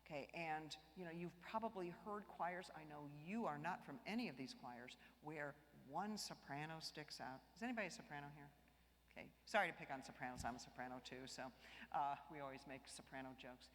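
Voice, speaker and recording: A woman choir director leading a live vocal warm-up workshop, demonstrating exercises by singing and encouraging the group with light jokes. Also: deep voice, a little fast. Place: large church. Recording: long church reverb.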